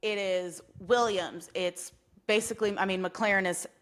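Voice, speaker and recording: A woman's voice: medium pitch, fairly even intonation, moderate pace, a bit bright. Playful young woman on a podcast. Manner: playful, teasing. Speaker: podcast co-host. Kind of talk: casual chat. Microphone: podcast mic with touch mute button.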